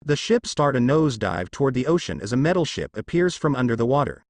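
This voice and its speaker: A man's voice: medium pitch, very animated, quick pace, a little mellow, no room sound. Man reading fan fiction aloud. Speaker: storyteller.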